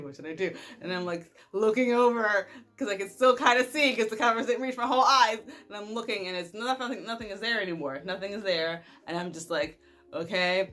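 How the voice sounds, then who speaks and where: A young woman vlogger telling a personal story in a casual, animated way, laughing often and using lots of fillers. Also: mid-range voice, a little fast.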